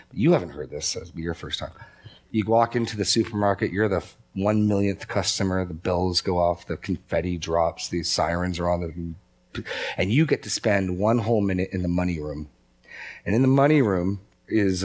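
A man preaching a sermon in a conversational way, telling stories and acting out quotes. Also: low voice. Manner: conversational, storytelling with acted quotes. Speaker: pastor.

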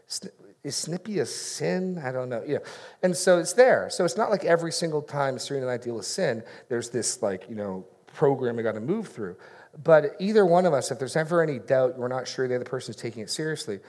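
A man's voice: on the high side, lively intonation, a little fast, a little mellow. A middle-aged man, a pastor, preaching in a conversational way and acting out bits of dialogue. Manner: conversational, self-deprecating, acts out dialogue. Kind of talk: sermon with audience Q&A.

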